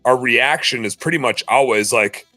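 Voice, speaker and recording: Candid, bright-voiced man chatting. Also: mid-range voice, normal speed, no echo, soft background music. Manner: candid, rambling, quotes people in lively voices. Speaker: podcast co-host. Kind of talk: casual podcast chat.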